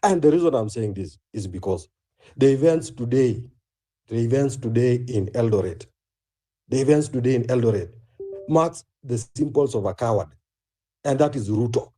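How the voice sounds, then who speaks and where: A Kenyan man speaks bluntly and angrily, swearing as he makes his points. His voice is very dark and mellow at a middle pitch. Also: expressive, moderate pace. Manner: angry, blunt, profane. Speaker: speaker in a live online audio room. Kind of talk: angry protest speech.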